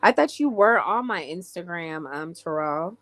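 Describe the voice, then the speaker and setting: A woman's voice: fairly low pitch, animated, unhurried, a bit bright. A woman from England chatting casually with viewers on a livestream and answering their comments. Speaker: live streamer.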